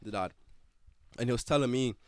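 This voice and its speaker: A man's voice: mid-range voice, fairly quick, clear, resonant tone, no room sound, studio quality. A young man in his twenties with an Irish accent, hosting a podcast in a rambling, slangy way. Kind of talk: casual chat.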